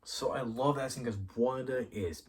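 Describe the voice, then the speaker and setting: A man hosting his own review show, chatting casually and excitedly, swearing freely and rambling as he thinks aloud. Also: mid-range voice, moderate pace, distant mic. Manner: excitable and profane, acts out characters' lines mid-sentence. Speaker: YouTube show host reviewing a TV episode. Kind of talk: casual spoiler review talk.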